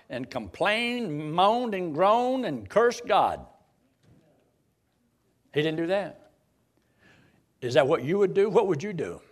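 A man preaching a sermon in a dramatic, folksy style, firing off rhetorical questions. His voice runs high and swings widely, rising and falling for effect.

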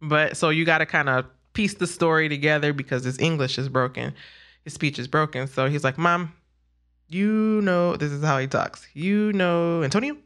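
Woman, bright voice, casual talk, lively storytelling, quotes her kids. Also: low voice, fairly quick. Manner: animated storyteller, laughs often, acts out her son's words. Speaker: guest, mother. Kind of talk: casual conversation.

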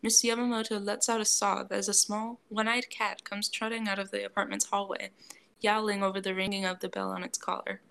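Woman reading fanfic out loud, gentle, kinda gravelly voice. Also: medium pitch, little pitch movement, a little fast. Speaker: narrator. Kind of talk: fan fiction audiobook reading.

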